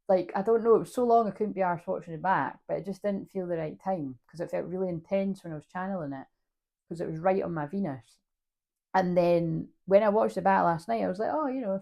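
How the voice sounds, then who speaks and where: A woman's voice: on the low side, gravelly, warm tone. A woman giving a casual spiritual card reading, rambling, swearing freely and laughing at herself. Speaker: spiritual reader.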